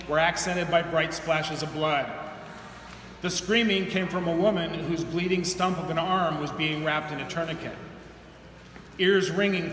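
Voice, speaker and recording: A man, an author, reading his own novel aloud at a live museum event with steady, measured delivery. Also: fairly high pitch. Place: museum reading event, large indoor hall. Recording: echoey hall reverb, faint room hum.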